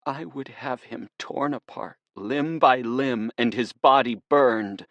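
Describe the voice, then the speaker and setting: A man's voice: mid-range voice, lively intonation, a little fast, no room sound, muffled recording, voice pushed up, natural voice. A man reading an audiobook, voicing a bitter young woman who seethes with hate and menace. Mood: menacing.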